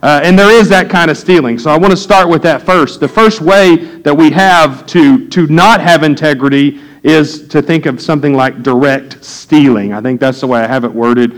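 A middle-aged man preaching a sermon, telling folksy stories and getting animated when he quotes people. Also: a little high, moderate pace, few pauses, low-quality recording. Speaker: pastor. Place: church.

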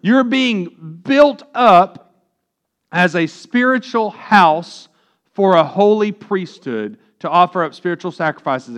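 A man preaching a sermon as pastor, reading scripture slowly and putting questions to the congregation. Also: high voice, fairly bright tone.

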